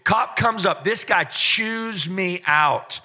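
A man's voice: sits high, slow pace, pushed and bright. A man preaching a sermon to a congregation, telling stories with joking asides and call-and-response. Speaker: pastor. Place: church service in front of a congregation.

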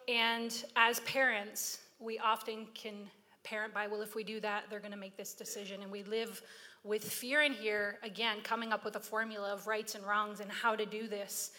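A woman's voice: fairly high pitch, pushed and bright. A middle-aged woman giving a sermon on parenting, earnest and calling out to the congregation.

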